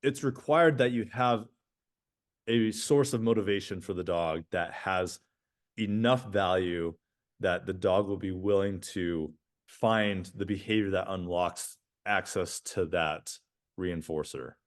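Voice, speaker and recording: Lively man co-hosting a podcast. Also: deep voice, measured pace. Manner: animated, many restarts and "right?" tags. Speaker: podcast co-host. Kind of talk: casual podcast chat.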